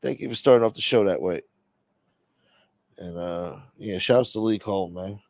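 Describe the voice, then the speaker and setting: A man's voice: fairly low pitch, moderate pace, gravelly, darkish tone, no echo. A man hosting a late-night livestream, chatting casually in a blunt, profane, streetwise manner. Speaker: livestream host.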